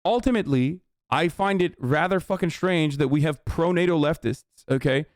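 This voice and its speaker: A man's voice: fairly high pitch, moderate pace, dry recording, studio quality. A man hosting a livestream and giving heated political commentary in a combative, profane rant. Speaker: livestream host.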